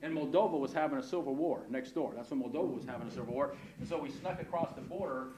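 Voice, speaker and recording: An older man, a pastor and missionary, telling an animated, emphatic story about his travels and often repeating himself. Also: medium pitch, fast, a loud crowd. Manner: lively, emphatic, repeats words and asks "right?". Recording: roomy with audible background noise.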